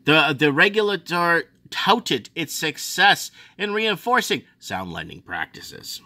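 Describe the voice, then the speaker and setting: A man from Australia reading finance news aloud and ranting about it, sarcastic, swinging from low muttering to mocking high outbursts. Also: big pitch swings, slow, pushed and bright, dry recording. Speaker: finance commentator.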